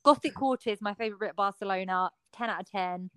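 A young woman co-hosting a podcast, telling stories in a chatty, animated way with lots of "like". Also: medium pitch, fast, clear, resonant tone, dry recording. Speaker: podcast co-host. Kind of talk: casual chat. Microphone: remote call.

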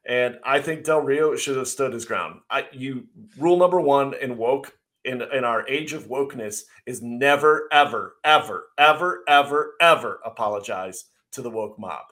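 A man holds forth on a casual talk show, blunt and heated, laughing now and then. His voice sits in an ordinary middle pitch. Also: normal speed, few pauses, fairly bright tone. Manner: blunt, ranting, laughs often. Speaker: podcast co-host. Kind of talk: casual opinionated chat.

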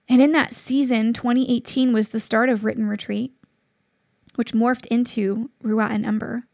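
A woman's voice: a little high, fairly even intonation, normal speed, creaky, a little mellow, no room sound, studio quality. A woman in her thirties hosting a devotional podcast, telling a personal story in an earnest, reflective way. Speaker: podcast host.

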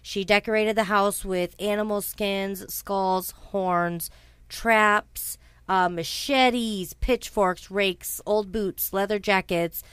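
A woman's voice: medium pitch, fairly even intonation, slow, a bit bright, smooth, dry recording. A woman casually telling a true-crime story to a co-host, chatty and blunt, swearing freely, with frequent ums and asides. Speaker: podcast host.

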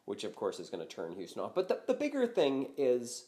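An older man talks sports on a podcast in a loose, conversational way. His pitch swings widely, and he sometimes jumps into loud, high-pitched exclamations. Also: brisk, hardly any pauses. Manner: animated, bursts into loud high-pitched shouts. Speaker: podcast guest. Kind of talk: casual sports chat.

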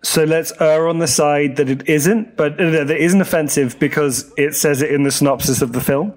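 A man, co-hosting a casual watch-along chat, wry and quick to laugh. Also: fairly high pitch. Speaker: film commentary co-host.

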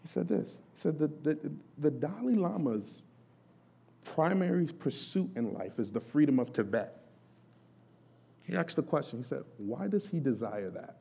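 A man preaching a sermon as lay pastor, animated and conversational, acting out questions to the apostle. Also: on the high side, normal speed, vocal fry, long pauses, breathy edge.

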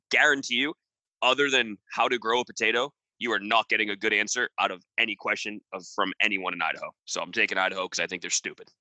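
A man with a very bright, sharp-edged voice gives blunt, dismissive takes on a casual podcast. His sound is dry and close, with no room around it. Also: fairly low pitch, quick pace, no echo, rough recording. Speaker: podcast panelist.

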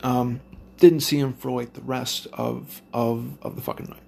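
Gravelly man telling a profane story. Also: medium pitch, flat delivery, measured pace, mellow, slight background noise. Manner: heavy swearing, rambling with restarts. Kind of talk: casual storytelling.

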